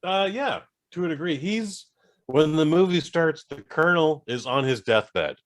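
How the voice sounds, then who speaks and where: A man co-hosting a podcast, rambling through an animated casual chat with many fillers. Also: a little high, unhurried. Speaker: podcast co-host.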